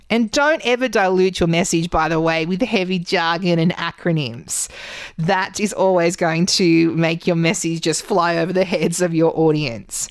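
A woman hosting a podcast, giving public speaking tips in an animated, gesturing way from a studio microphone. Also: lowish voice, dry recording. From Australia. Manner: animated, gestures a lot while talking. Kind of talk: solo podcast teaching.

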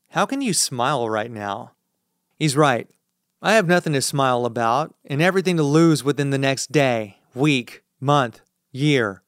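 A man's voice: mid-range voice, a bit bright, no echo, clean studio sound. Man narrating a tense audiobook. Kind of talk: scripted first-person audiobook narration.

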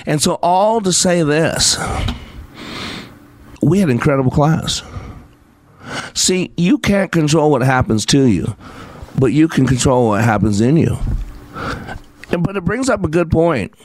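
A man's voice: on the high side, expressive, unhurried, pauses often, darkish tone, no room sound. Rambling male host with a dry sound. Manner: rambling and anecdotal with frequent fillers and restarts. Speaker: show host and customer service teacher. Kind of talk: casual spoken monologue with scripture.

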